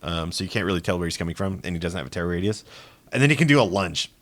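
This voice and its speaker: A man co-hosting a casual gaming podcast, excitable and swearing a lot, laughing as he tells stories. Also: low-pitched, very fast. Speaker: podcast co-host.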